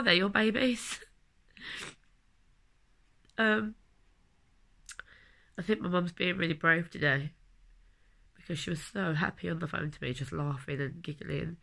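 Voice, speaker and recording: A woman's voice: on the low side, gravelly, bright, forceful tone. A woman in her late twenties with a London accent, talking in a rambling, heartfelt personal vlog while she has a cold. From London, England. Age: late 20s. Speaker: vlogger.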